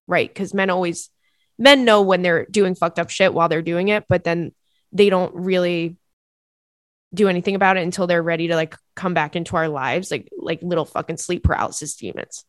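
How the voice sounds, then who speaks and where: A woman's voice: fairly low pitch, steady tone, fairly quick, no room sound, studio quality. A young woman hosting a podcast, giving candid advice in a chatty, casual way with frequent swearing and asides. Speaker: podcast host.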